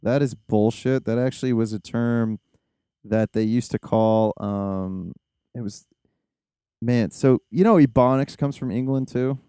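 A man hosting a podcast in casual chat, rambling and excitable with many fillers. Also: mid-range voice, unhurried, smooth, dry recording, studio quality. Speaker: podcast host.

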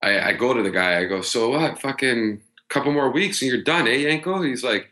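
A man in his thirties, a podcast guest, telling stories in a loose, profane, animated way, full of fillers and restarts. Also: medium pitch, a little fast. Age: 30s. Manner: heavy filler words and restarts. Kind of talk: casual storytelling chat.

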